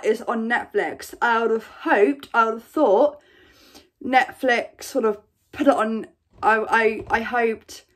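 A woman reacting in a vlog, gushing and tripping over her words. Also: fairly high pitch. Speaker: vlogger.

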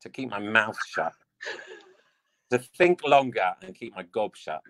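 A man's voice: on the low side, animated, unhurried, fairly bright tone. A man from England, a dance teacher and coach, chatting casually as an interview guest, rambling with lots of "I mean".

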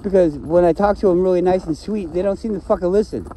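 A man's voice: sits high, fast talker, dark tone, slight background noise, poor audio. A man ranting to himself in a rambling solo vlog, swearing often and complaining. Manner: profane, complaining, talks to himself. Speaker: vlogger.

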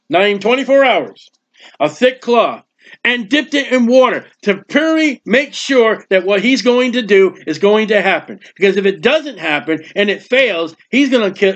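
A man teaching a Bible passage verse by verse, emphatic and repetitive, with conversational asides and quick jokes. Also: high-pitched, a bit bright. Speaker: preacher. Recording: dull lo-fi recording.

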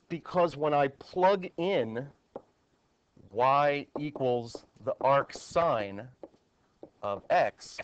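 A man's voice: mid-range voice, dry recording. Male math teacher lecturing a class. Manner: explains step by step, asks the class questions.

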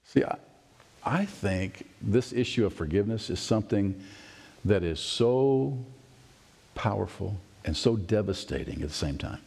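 A man's voice: lowish voice, animated, unhurried, creaky, darkish tone, slightly rough. A middle-aged male pastor delivering a sermon, telling a family story and acting out the voices in it. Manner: storytelling preacher, acts out voices and asides.

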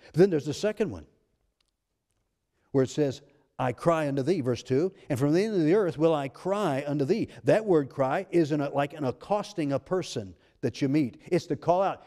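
Dark-toned preaching pastor, higher-pitched. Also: male voice, expressive. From United States. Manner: emphatic preaching, reading scripture in slow passages. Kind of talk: sermon.

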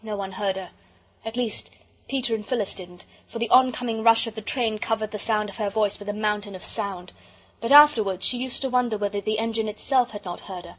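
A woman narrating a children's audiobook with expressive storytelling. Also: mid-range voice, a little fast, husky, poor audio.

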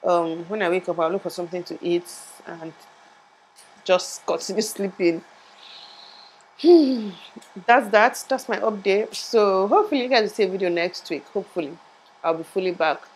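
Chatty young woman with a lowish voice. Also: fairly even intonation, moderate pace, darkish tone, slight background noise, poor audio. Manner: rambling, chatty, laughs at herself. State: in pain after tooth surgery, speech a bit muffled. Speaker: vlogger. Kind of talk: casual vlog chat. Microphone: lapel mic.

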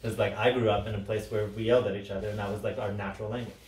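Speaking very fast in a lowish voice, this man runs a workshop with an animated, casual style, loudly performing the lines he quotes and repeatedly asking "right?". He comes from a Sicilian background, and the audio sounds roomy and distant.

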